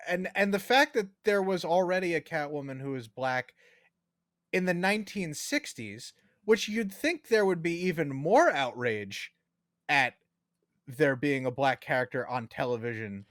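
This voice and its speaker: A man co-hosting a casual podcast discussion, talking in an animated way and swearing casually. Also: fairly high pitch, unhurried, dry recording, studio quality. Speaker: co-host.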